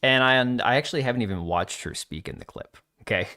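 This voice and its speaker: A man's voice: mid-range voice, quick pace, pushed and bright. A man hosting a live stream, giving blunt, rambling, mocking commentary into a desk microphone. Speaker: streamer host.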